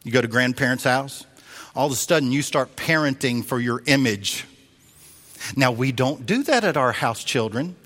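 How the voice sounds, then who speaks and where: A man preaching a sermon as a pastor, telling a story in an animated way and acting out the voices he quotes. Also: mid-range voice, moderate pace. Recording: long reverb of a large hall.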